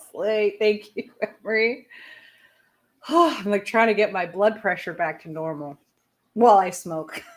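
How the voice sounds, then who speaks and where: A woman's voice: mid-range voice, takes it slowly, long pauses. A woman hosting a casual talk-radio show, ranting with lots of swearing and chatting about her day. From outside the United States. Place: home studio, smoking while on air.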